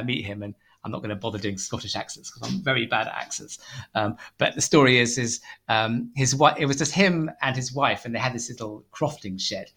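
Man, bright forceful voice, rambling anecdotes, lots of ums and restarts. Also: mid-range voice. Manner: rambling, many fillers and restarts, laughs while telling stories. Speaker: guest, tweed company founder. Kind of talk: casual interview storytelling.

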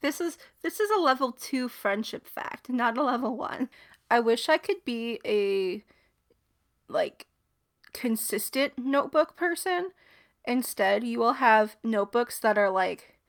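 Giggly, gravelly-voiced young woman podcaster. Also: on the high side, a little slow. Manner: giggly, rambling and animated. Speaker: podcast co-host. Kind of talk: casual chat.

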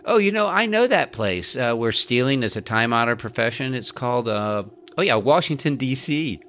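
A man's voice: mid-range voice, expressive, moderate pace, fairly bright tone, slight background noise. A man co-hosting a podcast, making sarcastic jokes and laughing a lot in casual commentary. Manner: joking, sarcastic, laughs often. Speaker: podcast co-host.

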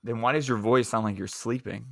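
A man co-hosting a casual podcast, teasing his friends and quick to laugh. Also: mid-range voice, steady tone, vocal fry, noisy background. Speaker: podcast co-host. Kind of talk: casual chat.

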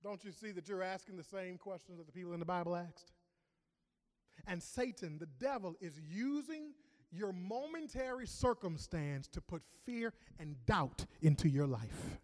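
A man preaching a sermon, emphatic, swinging from loud declarations to hushed asides. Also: high-pitched, animated, normal speed. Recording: long reverb of a large hall.

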